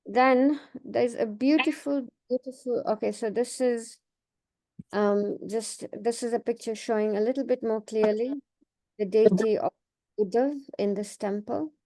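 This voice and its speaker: A woman giving a devotional class, telling temple stories in a gentle, meandering way with frequent restarts. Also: a little high, measured pace. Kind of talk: informal devotional talk with slides.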